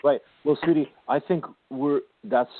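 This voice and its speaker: A man hosting a spiritual radio show, gently counseling a caller and calling her darling and sweetie. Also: fairly high pitch, measured pace, no echo. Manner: gentle, affectionate, calls listeners darling and sweetie. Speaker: spiritual intuitive radio host. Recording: tinny phone-line sound, dry.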